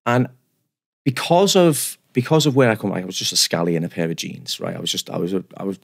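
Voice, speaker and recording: A man, sitting in as a guest on a chatty podcast. He talks fast and tumbles through his stories with restarts, poking fun at himself, and his lowish voice carries a gravelly edge. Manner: animated, self-deprecating, rambling with restarts. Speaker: guest barber. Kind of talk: casual podcast storytelling.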